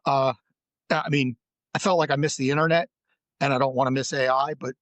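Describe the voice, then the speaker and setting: A man hosting a podcast interview, chatty and quick to interject, leading the guest with questions. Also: medium pitch, steady tone, a bit bright, dry recording. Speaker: podcast host. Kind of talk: casual conversational interview.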